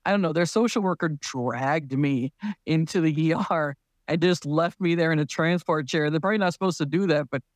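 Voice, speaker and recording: A parent appears as a podcast guest, a man with a slightly high voice telling a long story loosely and casually at a slightly fast pace. He laughs often and keeps it light. The audio is dry and close, with no echo or room sound.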